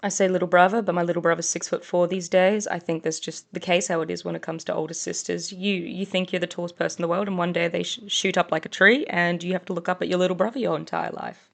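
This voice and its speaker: Fast-talking young woman with a gravelly low voice. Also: steady tone. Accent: mixed English and Australian. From Australia. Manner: chatty and rambling, self-deprecating. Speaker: vlogger. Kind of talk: casual voice-over narration.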